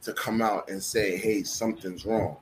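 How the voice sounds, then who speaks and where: A man's voice: fairly low pitch, steady tone, normal speed, a little hiss or hum, rough recording. A man talking in a casual podcast chat, candid and slangy, swearing freely.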